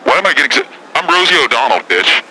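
A brash, foul-mouthed celebrity woman caller, put on by a man who rambles, curses and picks fights. The voice sits low, with a sharp, tense edge on every line. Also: moderate pace, slight background noise, rough recording. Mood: combative. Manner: profane, combative, rambling. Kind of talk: prank call impression.

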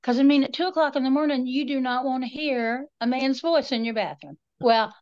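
Middle-aged woman, higher voice, wry storyteller, dull lo-fi recording. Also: fairly quick, a little mellow. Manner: chatty storyteller, wry and self-mocking. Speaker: podcast co-host. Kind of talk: casual chat. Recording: dull lo-fi sound.

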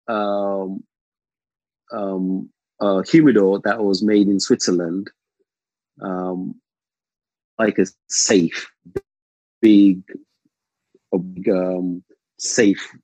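Speaking very slowly with a low voice and long pauses, this guest spins a long, rambling story in casual chat, stumbling through ums and restarts while tossing in lively quoted asides. There's no echo, but the recording quality is low.

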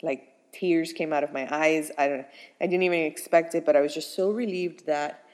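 A young woman casually telling her pregnancy story in an animated, chatty way with plenty of fillers. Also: deep voice, normal speed, in a large hall.

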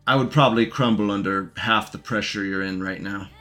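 A man's voice: lowish voice, fairly even intonation, brisk, sharp tone. A man giving casual, mocking commentary as he reacts to a recorded debate and talks back to it.

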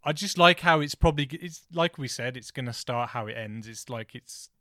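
A man's voice: medium pitch, fairly quick, bright, forceful tone, no echo, clean studio sound. A man, chatting casually and enthusiastically as a podcast co-host. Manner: enthusiastic, easygoing film talk. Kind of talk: casual chat.

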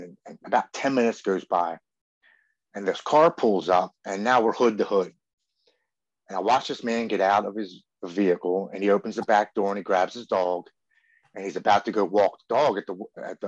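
A man in his forties with a low voice tells his personal recovery story as a podcast guest. He talks earnestly and acts out what he and others said along the way. The sound is dull and muffled, with a dry feel and no room around it. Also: no echo.

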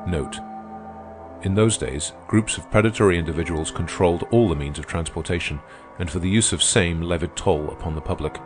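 Deep-voiced man narrating an audiobook. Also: brisk, over music.

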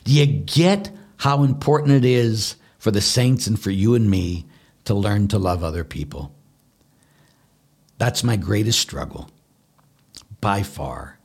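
A male priest with a somewhat low voice talks through questions of faith in a warm-hearted, conversational way. He is earnest and animated, stacks repeated words for emphasis, and chuckles at his own failings. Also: measured pace, long pauses, breathy edge. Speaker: Catholic priest. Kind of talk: conversational spiritual teaching answering questions.

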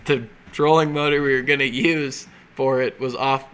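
A man telling a story in a relaxed way in a casual podcast chat, quoting both sides of a phone call. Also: medium pitch, moderate pace, clear, resonant tone. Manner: relaxed storyteller, quotes others in dialogue.

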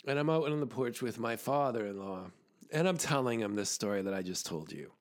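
A man's voice: mid-range voice, lively intonation, fairly quick. A man hosting a podcast, telling a personal story in a chatty way, laughing often and restarting his sentences. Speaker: podcast host, arts in education specialist. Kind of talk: storytelling monologue to listeners.

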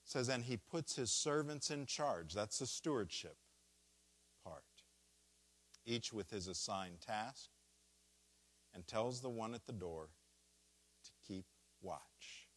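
In a lowish, expressive, fairly bright voice, a pastor works his way through a scripture passage during a sermon. His delivery is unhurried and purposeful, with strong stress on key words.

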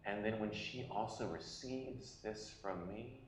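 Earnest pastor preaching in an echoey room. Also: male voice, fairly low pitch, a little slow, a little hiss or hum. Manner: personal storytelling, earnest, shifts from loud to hushed. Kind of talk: sermon.

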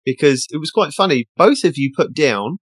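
A chatty host reads out game tasks with a playful lilt. The voice sits in a middle pitch and sounds close and dry, with no room around it. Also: expressive, moderate pace, husky, no room sound. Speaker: podcast host reading out tasks. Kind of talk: casual chat.

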